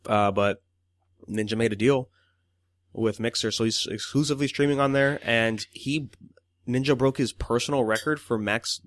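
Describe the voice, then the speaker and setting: A man's voice: mid-range voice, normal speed, dry recording, clean studio sound. A man co-hosting a podcast in loose casual chat, swearing often and laughing as he quotes people. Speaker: podcast co-host.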